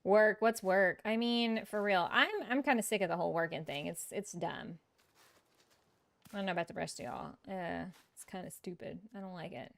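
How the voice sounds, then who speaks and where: A woman's voice: on the low side, moderate pace, vocal fry. A woman streaming a game, chatting casually with viewers in a chatty, self-mocking way and laughing often. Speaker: live-streaming gamer. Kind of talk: casual gameplay chat with viewers.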